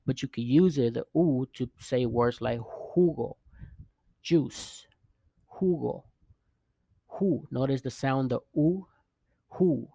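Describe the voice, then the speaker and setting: A man's voice: medium pitch, moderate pace, hardly any pauses, warm tone, no room sound. A man teaching a casual video language lesson, patiently repeating sounds and checking in with the viewer. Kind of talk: casual vlog-style lesson.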